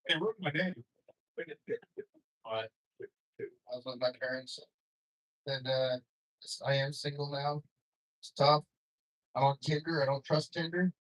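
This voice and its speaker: A man's voice: medium pitch, a little slow, long pauses, fairly bright tone, poor audio. Young man doing stand-up in a club. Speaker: stand-up comedian. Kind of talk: stand-up comedy set. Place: comedy club stage with audience.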